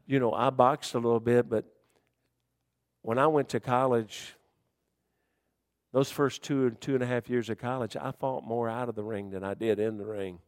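A man preaching a sermon in folksy dialect, swinging between shouted warnings and hushed, quiet storytelling. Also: medium pitch, fairly even intonation, normal speed, pauses often, no room sound, clean studio sound.

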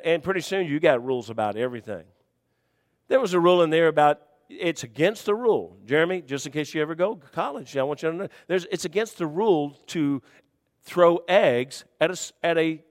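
Preaching in a homey, conversational manner, a man swings from hushed murmurs up to high-pitched shouts. A long reverb tail follows his words.

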